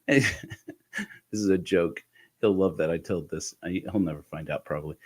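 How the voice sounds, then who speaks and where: A man telling a reflective personal story in a candid, halting way, with restarts and soft laughs. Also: sits low. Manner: candid, intimate. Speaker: host of a personal podcast talk.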